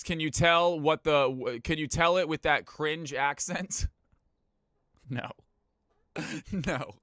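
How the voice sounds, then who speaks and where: A male streamer chatting playfully with viewers and shoutcasting a custom game with hype. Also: a little high, no room sound, studio quality. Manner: playful, joking, laughs often, turns hype when casting. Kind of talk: live stream chat and esports play-by-play.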